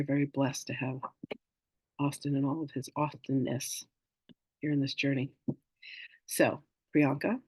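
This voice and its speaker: A man with a fairly high, gravelly voice that carries some huskiness hosts a spiritual class over a video call. He talks casually, moves from teaching into stories, and acts out the people he quotes along the way. The sound is dry and close. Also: no room sound, low-quality recording. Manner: animated storyteller acting out quoted voices. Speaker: spiritual teacher hosting a masterclass.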